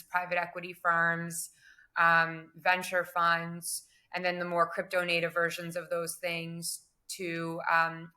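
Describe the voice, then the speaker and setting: A young woman talks through her career in a relaxed interview, weighing her words and hedging often. Her voice sits low and rather flat in pitch, but the tone is bright and forward. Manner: measured, many fillers and hedging phrases. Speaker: guest, crypto business development director. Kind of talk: conversational interview answers.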